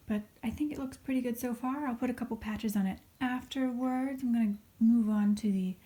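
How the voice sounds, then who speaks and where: A chatty woman talks through her sewing project in a casual vlog. Her voice sits a little high, and she jokes at her own expense. She keeps slipping into soft, half-whispered asides between steps. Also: brisk, hardly any pauses. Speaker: sewing vlogger.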